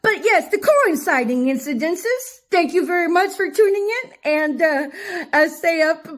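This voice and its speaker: A woman's voice: extremely high pitch, expressive, normal speed. A woman telling a rambling story in a casual vlog, laughing often and swearing freely. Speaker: vlogger. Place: her cousin's home.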